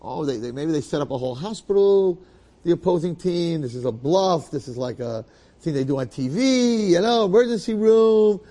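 A man's voice: a little high, big pitch swings, normal speed, warm tone. A man voicing a panicked young man who insists he is fine and keeps repeating himself. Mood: frantic. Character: panicked young man, aspiring basketball star.

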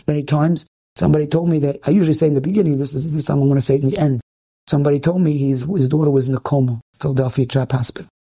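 A rabbi telling inspirational stories in an earnest way, often repeating and restarting phrases for emphasis. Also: male voice, on the high side, gravelly, mellow, husky.

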